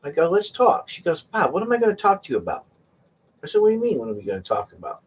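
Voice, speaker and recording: Pitch swooping wildly, a middle-aged man with a husky, higher-side voice talks fast while hosting a live auction stream. He's a joking, rambling storyteller who laughs a lot as he chats casually.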